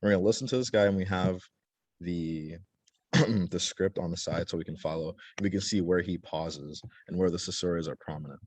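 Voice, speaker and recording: Young male teacher, very deep voice, casual and halting delivery with fillers, online class. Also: darkish tone, no room sound. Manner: casual, many fillers and restarts.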